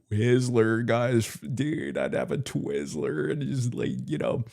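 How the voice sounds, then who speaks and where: A man's voice: fairly low pitch, dark tone. A man hosting a live stream, talking in a loose, profane, joking way and repeating himself. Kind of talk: rambling crude live stream commentary.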